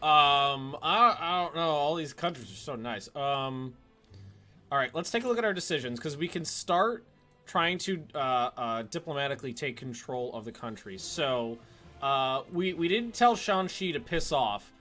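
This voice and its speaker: A man's voice: on the high side, animated, normal speed, pushed and bright, soft background music. A man chatting casually on a live stream while playing a strategy game, joking and often chuckling.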